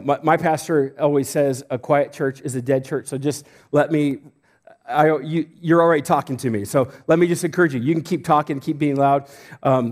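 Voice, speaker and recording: A man's voice: medium pitch, darkish tone. A man preaching as a visiting pastor, speaking conversationally with jokes, fillers and restarts before a church. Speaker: guest pastor. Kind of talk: sermon. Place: church sanctuary.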